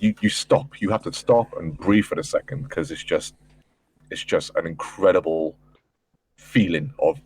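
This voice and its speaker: A man on a gaming podcast, talking casually and swearing, working himself up into excited storytelling. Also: deep voice, slight background noise. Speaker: podcast panelist. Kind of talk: casual chat.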